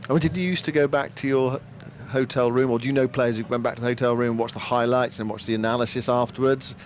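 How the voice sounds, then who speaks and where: A man's voice: mid-range voice, fast talker, slight background noise. Man commentating live cricket on radio. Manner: relaxed, conversational, occasional slips.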